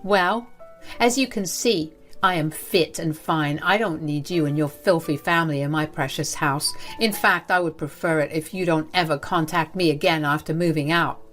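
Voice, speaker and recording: Woman voicing a scornful older woman, school principal, contemptuous, lowish voice, soft music behind. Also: moderate pace. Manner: cold and contemptuous.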